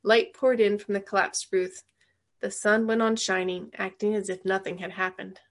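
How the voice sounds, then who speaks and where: A woman's voice: medium pitch, level tone. Woman reading a novel aloud. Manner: pauses to explain the text to a listener. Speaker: reader.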